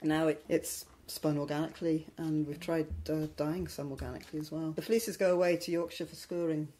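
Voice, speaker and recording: Woman, mellow warm voice, plain spoken, faint noise behind. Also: sits low, steady tone, a little fast. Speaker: wool producer. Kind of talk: casual interview chat.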